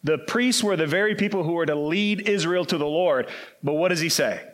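A man preaching a sermon, earnest and emphatic, slowing down to quote scripture. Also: fairly high pitch.

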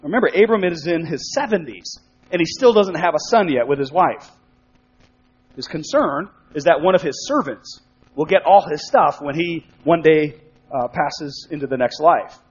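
A man preaching a sermon in a conversational way, acting out quick spoken asides. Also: on the high side, animated, husky. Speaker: pastor. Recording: dull sound with long hall reverb.

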